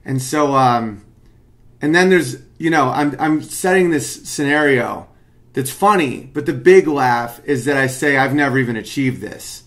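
A man's voice: medium pitch, animated, a little slow, a bit bright. A man at home casually talking through why his stand-up joke works, rambling and analytical. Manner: rambling, analytical, picks up intensity when making his point. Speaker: comedian explaining his own bit. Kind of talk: casual commentary.

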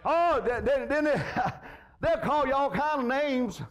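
A man's voice: very high voice, unhurried. A man preaching a fervent sermon, peppering his lines with amens and repeated call-outs to the congregation. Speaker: pastor.

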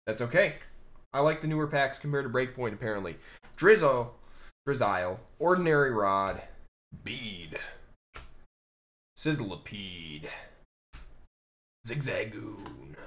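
A man's voice: mid-range voice, lively intonation, moderate pace, a bit bright. A man streaming live as he opens trading card packs, chatting to his viewers and the camera in a casual way and often repeating his phrases.

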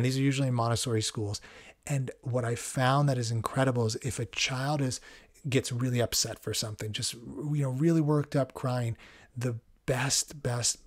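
A man, hosting a podcast in a calm, conversational, reflective monologue. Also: medium pitch. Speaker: podcast host.

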